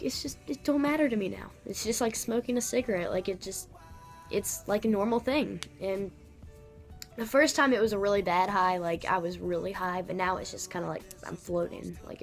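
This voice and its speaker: A young woman vlogger telling a story in a chatty, slangy way with lots of fillers. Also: on the high side. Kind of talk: casual storytelling.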